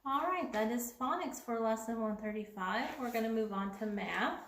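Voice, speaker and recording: A woman teaching a second grade lesson, speaking clearly and patiently and repeating each sentence slowly for young children. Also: fairly high pitch, lively intonation, a bit bright, roomy sound, a little hiss or hum. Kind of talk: remote classroom lesson.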